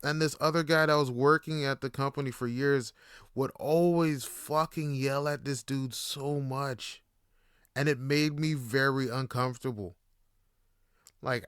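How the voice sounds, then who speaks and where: A man's voice: medium pitch, measured pace, clean tone, no echo, studio quality. A man, hosting a casual solo podcast, telling stories with lots of swearing and laughter. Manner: profane, laughing, animated storytelling. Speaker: podcast host.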